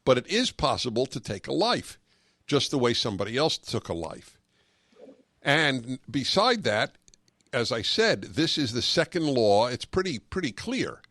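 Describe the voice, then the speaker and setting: A man hosts a call-in radio talk show, taking calls and speaking earnestly and emphatically, with sarcastic asides. His mid-range voice swings widely in pitch, moves a little slowly, and has a fairly bright tone. The studio-quality audio has no room sound.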